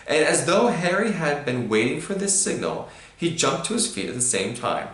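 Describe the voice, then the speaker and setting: A man reading a storybook aloud to a child, with animated emphasis. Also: mid-range voice. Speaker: reader to a child. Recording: roomy echo.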